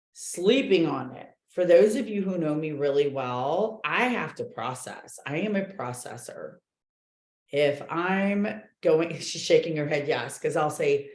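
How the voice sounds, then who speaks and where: A woman coaching a book club group, talking in an animated, chatty way with many fillers. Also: low voice, echoey room. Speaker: real estate coach leading a book club. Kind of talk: casual group talk, reading and commenting.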